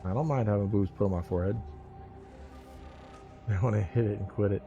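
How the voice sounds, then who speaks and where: A man hosts a loose morning livestream and talks straight to his viewers. His voice sits low and sounds mellow and warm. He rambles, teases his regulars and drops casual profanity, with faint music playing in the background. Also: a little fast, muffled recording. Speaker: livestream host.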